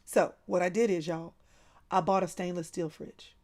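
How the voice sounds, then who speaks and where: A woman's voice: fairly low pitch, steady tone, normal speed, a little mellow. A woman hosting a casual livestream, laughing often and calling her viewers by name. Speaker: livestream host.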